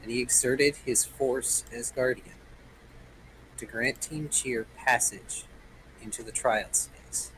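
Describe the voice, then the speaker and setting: A man's voice: medium pitch, steady tone, slow pace, a bit bright, a little hiss or hum, rough recording. A man running a tabletop role-playing game, narrating the story dramatically and joking with his players. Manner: storytelling, playful asides. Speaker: game master.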